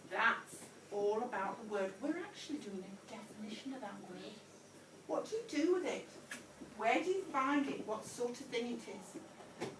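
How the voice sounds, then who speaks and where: Heard from a distance in an echoey classroom, a woman leads primary pupils through a whole-class phonics lesson, repeating prompts encouragingly and calling them sweetheart. Her voice is on the high side and expressive, at normal speed, with slight background noise.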